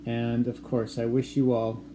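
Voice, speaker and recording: Canadian teacher slowly dictating sentences. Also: male voice, mid-range voice, monotone, noisy background. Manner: slow, clearly dictated phrasing, repeating sentences. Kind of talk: dictation lesson to students.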